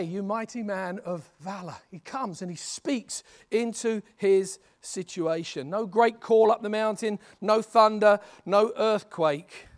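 A man preaching a sermon in an animated, conversational storytelling manner. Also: high-pitched.

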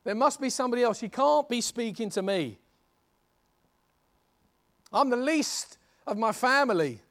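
A man's voice: extremely high pitch, expressive, unhurried, a bit bright, heavily acted. A timid young man protests that he is the least of all, in a self-deprecating voice, as a preacher acts him out. He sounds doubtful and defensive. It is told within a sermon. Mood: self-doubting.

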